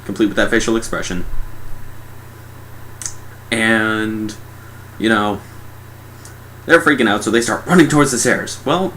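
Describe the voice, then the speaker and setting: A man's voice: on the low side, a little slow, pauses often, a bit bright, a little hiss or hum. A sarcastic young man giving a casual, mocking movie review.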